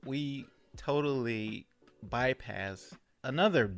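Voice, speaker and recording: A man's voice: mid-range voice, slow pace, faint music behind. A man co-hosting a podcast, chatting casually and steering the talk with questions. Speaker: podcast co-host. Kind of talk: casual chat.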